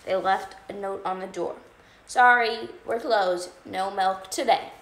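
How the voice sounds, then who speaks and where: A woman reading a children's picture book aloud on a storytime livestream, expressive and playful. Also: mid-range voice, measured pace. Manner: expressive read-aloud with funny animal sounds and asides. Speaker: storytime reader. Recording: echoey room, faint background noise.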